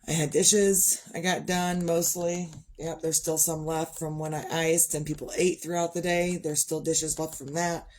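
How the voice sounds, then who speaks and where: Tired middle-aged woman, low-pitched, rambling livestream chat with sighs. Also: flat delivery, a little slow, hardly any pauses, darkish tone. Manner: rambling, chatty, yawning and sighing. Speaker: livestream host. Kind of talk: casual chat.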